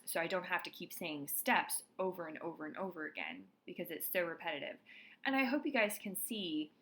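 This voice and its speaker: A female writing instructor with a fairly low, pushed and bright voice gives a recorded lecture. She walks students through example sentences, checking in with frequent "all right"s.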